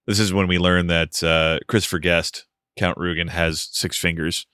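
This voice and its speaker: A man's voice: low-pitched, little pitch movement, normal speed, sharp tone, smooth, no room sound, clean studio sound. A man co-hosting a podcast, casually recapping a film's plot with joking asides. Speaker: podcast co-host. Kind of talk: casual movie review chat.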